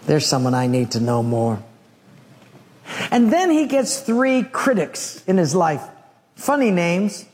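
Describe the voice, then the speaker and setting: A man with a high voice preaches to his congregation, dropping into quieter tones as he acts out the story's dialogue. His voice rings with the long reverb of a large hall. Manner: animated storytelling, acting out dialogue. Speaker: pastor. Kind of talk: sermon.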